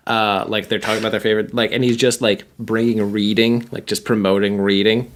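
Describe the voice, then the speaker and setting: Man, lowish voice, rambling, lots of fillers, casual podcast banter. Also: flat delivery, brisk, hardly any pauses. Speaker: podcast co-host.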